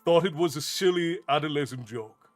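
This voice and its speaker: Host man, live-stream chat, rambly and self-amused, somewhat high, soft music under. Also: normal speed. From United States. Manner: reads and answers viewer chat. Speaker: storytelling streamer.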